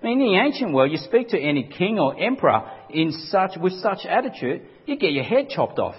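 A pastor preaches with an emphatic, animated delivery. His voice sits high and a bit husky, swinging widely in pitch. The sound is dull and carries a long hall reverb. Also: fairly quick. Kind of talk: sermon.

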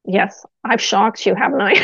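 Middle-aged woman guest, gravelly texture, dry dull recording, lively storyteller. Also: medium pitch, dry recording. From Canada. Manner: animated anecdotes with quoted dialogue. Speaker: physiotherapist guest. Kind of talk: casual interview storytelling.

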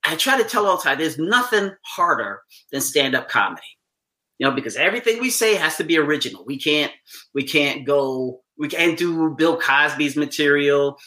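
A male comedian chats through a story in a bright, forceful voice sitting a touch high. He acts out each person he quotes and gets animated at the punchlines. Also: moderate pace. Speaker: stand-up comedian. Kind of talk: casual storytelling.

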